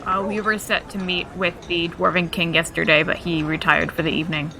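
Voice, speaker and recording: A woman's voice: lowish voice, level tone, fairly quick, vocal fry, noisy background. A woman playing a tabletop game, addressing a king politely in character. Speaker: player.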